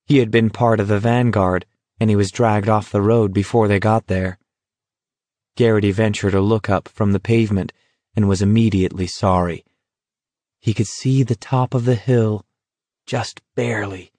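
A man reading a novel aloud in a measured, even storytelling manner. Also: lowish voice, no echo. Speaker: narrator. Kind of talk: audiobook narration.

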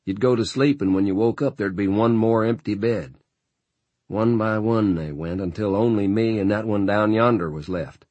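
A grim frontier rider who has seen too much, talking in an unhurried rural drawl, as a man reads him aloud. The voice sits very low and a touch husky. The recording is close and dry, with no room around it. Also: darkish tone, no room sound, dull audio, lightly acted. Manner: rural drawl, folksy grammar.

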